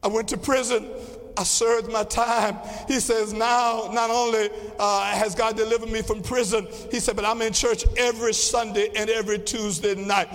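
A man preaching a sermon as pastor, with a rhythmic delivery that swings from quiet passages to shouts. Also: high-pitched, flat delivery, normal speed. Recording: long reverb of a large hall.

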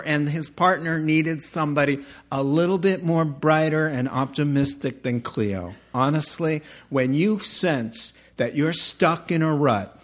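A middle-aged man preaching a sermon as pastor, lively and humorous, with playful asides and quick self-corrections. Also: on the high side.

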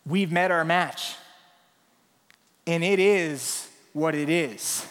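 Male preacher, animated storyteller, higher-pitched voice, long church-hall reverb. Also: takes it slowly. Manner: animated storytelling, acts out scenes. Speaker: pastor. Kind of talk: sermon. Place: church sanctuary.

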